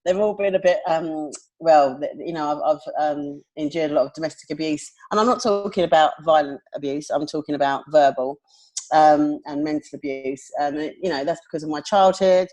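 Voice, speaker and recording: A woman's voice: sits low, a little fast, warm tone. A woman co-hosting a podcast in casual chat, talking candidly and reflectively and laughing often. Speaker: podcast co-host.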